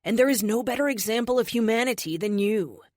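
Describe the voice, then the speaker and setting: In an audiobook, a woman voices a gentle, reassuring young man, pitching slightly high, above her own natural voice but still close to everyday speech. She speaks fairly quickly, and the studio-quality recording has no room sound.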